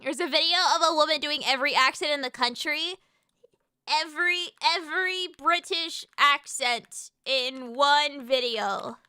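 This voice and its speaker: An American woman streaming live, chatting casually with her viewers in an excitable, sweary way with quick comebacks. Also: high voice, no room sound. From United States.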